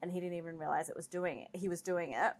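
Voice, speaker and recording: A woman's voice: lowish voice, fast talker. Chatty woman co-hosting a podcast. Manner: animated storytelling, many fillers. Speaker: podcast co-host. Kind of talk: casual chat.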